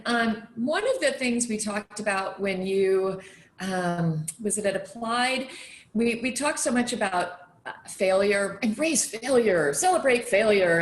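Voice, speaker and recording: A woman moderating a panel on a video call, her voice at a middle pitch for a woman. The room around her sounds echoey, with faint noise behind. She speaks conversationally and works her questions out aloud. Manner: conversational, thinking aloud while framing questions. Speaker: emcee.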